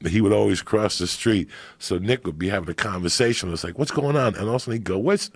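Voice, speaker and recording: A middle-aged man telling animated, profane stories in casual chat on a podcast. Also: deep voice, fast, creaky, breathy edge, no echo. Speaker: podcast guest storyteller.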